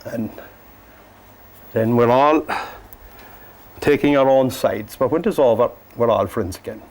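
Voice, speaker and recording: A man from Cork with an Irish accent, teaching a painting lesson in a gentle, joking, soft-spoken way. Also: mid-range voice, a little slow. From Ireland. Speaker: painting instructor. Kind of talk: painting lesson with chatty asides.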